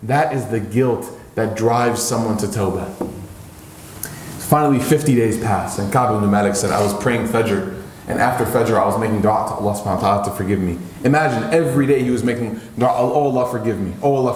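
A man preaching a sermon, telling a story with animation and his voice climbing high when he acts out pleading lines. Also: a little fast, echoey room, slight background noise.

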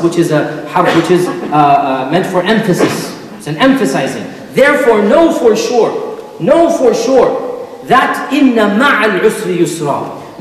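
High-voiced man preaching in an echoey hall. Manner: emphatic, repeats key phrases, recites Arabic verses. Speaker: imam giving a Friday sermon. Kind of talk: sermon.

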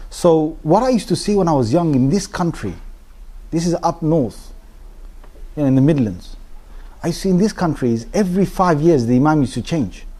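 Brief: man, middle-aged, lively joking preacher, slightly higher voice. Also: normal speed. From United Kingdom. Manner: animated, humorous storytelling with frequent restarts. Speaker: Islamic speaker. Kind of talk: informal talk to a congregation.

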